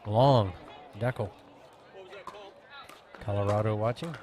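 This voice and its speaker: A man's voice: lowish voice, takes it slowly, a crowd in the background. A man giving casual, jokey color commentary on a pickleball match and reading out viewers' names. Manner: chatty, jokey, reads out viewers.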